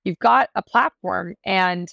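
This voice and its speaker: A woman's voice: medium pitch, takes it slowly, gravelly, a bit bright, dry recording, lo-fi sound. A woman hosting a podcast, effusive with praise and asking long, winding questions. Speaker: podcast host. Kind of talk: interview podcast.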